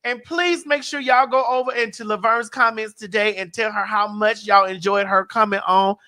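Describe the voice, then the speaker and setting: A woman's voice: medium pitch, fairly even intonation, normal speed, bright, forceful tone. A woman hosting a talk show, brash, playful and profane in casual chat with her guest. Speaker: host. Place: home.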